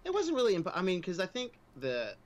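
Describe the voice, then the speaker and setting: A man from the United States in casual chat, relaxed and joking and quick to laugh. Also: high-pitched.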